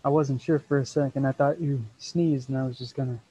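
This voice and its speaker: An improviser playing a chivalrous, grandiose old-fashioned gentleman in a musical comedy scene, over a video call. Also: medium pitch, steady tone, husky, dry recording, lo-fi sound. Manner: grandiose, quick bursts, mock sneezes. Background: fiddle music.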